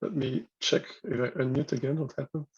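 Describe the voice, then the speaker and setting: A man moderating an open discussion at an online workshop, talking in a halting way as he thinks aloud over video call audio. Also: mid-range voice, fairly even intonation, breathy edge, highs cut off.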